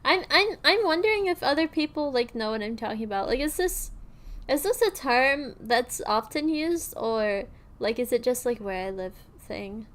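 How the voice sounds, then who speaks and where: Young girl streamer just chatting, kinda high voice, rambly, lots of um and like. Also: animated, normal speed, fairly bright tone. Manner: rambling, many fillers and restarts. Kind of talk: casual chat on stream.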